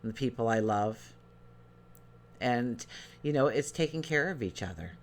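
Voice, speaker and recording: A man's voice: mid-range voice, animated, moderate pace. A man giving a daily tarot reading to his viewers, talking in an earnest, rambling way with many fillers and restarts. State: choked up. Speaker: tarot reader.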